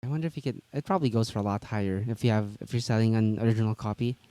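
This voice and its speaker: A man's voice: fairly low pitch, very fast, mellow, clear, resonant tone, no echo. A man co-hosting a tabletop gaming news stream, chatting casually and rambling with lots of fillers and restarts.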